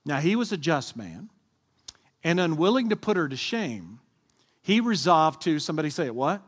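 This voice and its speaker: A man's voice: a little high, big pitch swings, measured pace, breathy edge. A man preaching a sermon, talking with his congregation and asking them to answer aloud. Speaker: pastor. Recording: long hall reverb.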